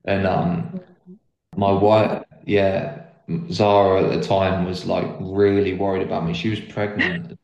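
A young man speaks in a low, deep register as he tells how he came to faith. He talks in an earnest, rambling way, dropping "like" again and again. The recording has a roomy echo. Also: level tone, measured pace, vocal fry, darkish tone, muffled recording. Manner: earnest, rambling, lots of "like" fillers. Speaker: guest sharing his faith story. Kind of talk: casual conversational testimony.

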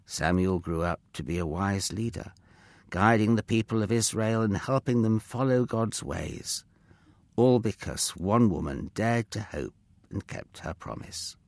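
Deep gravelly guy reading a kids' bible story, slow and lively, talks to the kids. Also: no room sound. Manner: expressive, gently addressing children. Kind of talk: children's Bible story narration.

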